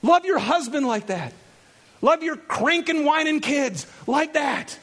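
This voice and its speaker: A man preaching a lively sermon, laughing often and acting out the people in the story. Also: very high voice, slow pace. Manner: animated, laughing, acts out quoted characters. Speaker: pastor.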